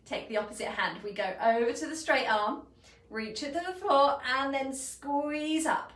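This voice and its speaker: Echoey pilates teacher calling out moves. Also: female voice, high voice, moderate pace. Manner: calm step-by-step cueing with breath prompts. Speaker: pilates instructor. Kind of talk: guided exercise instruction. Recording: echoey room, voice from a distance.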